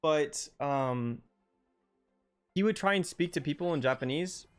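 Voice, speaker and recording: A man's voice: fairly high pitch, a little slow, clean tone, soft background music. A young man live-streaming a game, chatting casually and answering viewers' questions between rounds, with lots of fillers. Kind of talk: casual live-stream chat while gaming.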